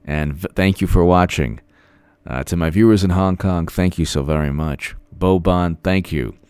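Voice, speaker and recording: A man's voice: low-pitched, moderate pace, darkish tone, clear, resonant tone, dry recording. A man hosting a political live stream, rambling and repeating himself with many fillers as he thanks viewers.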